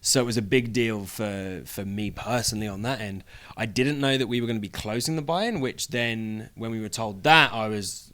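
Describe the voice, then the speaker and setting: A young British man chats as an interview guest, joking and laughing easily as he talks. His voice sits on the low side. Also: normal speed, few pauses, fairly bright tone. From United Kingdom. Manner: playful, jokey, laughs easily. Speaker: professional wrestler, guest. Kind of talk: casual interview chat.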